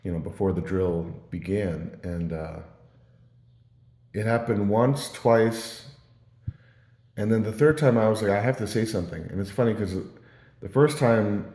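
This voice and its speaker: A man's voice: lowish voice, a little slow, long pauses, dark tone. A man telling stories in a casual, meandering ramble, full of fillers and restarts. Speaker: vlogger. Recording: roomy echo.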